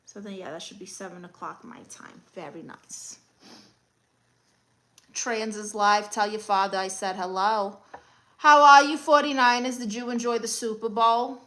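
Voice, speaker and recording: A woman with a New York accent hosts a comedic livestream as an aunt character, reading viewer comments and answering with dry, deadpan quips. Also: medium pitch, measured pace, rough recording. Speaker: livestream host playing an aunt.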